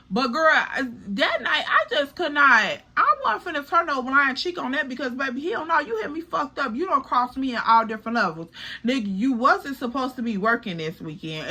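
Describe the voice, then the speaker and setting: A young woman vlogger recounts a story with sass and plenty of profanity, speaking directly to her audience. Her voice is high and bright, and she lands her points with emphatic force. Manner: sassy, emphatic, profane, talks straight to viewers as "girl" and "y'all". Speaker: vlogger telling a personal story. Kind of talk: animated storytime.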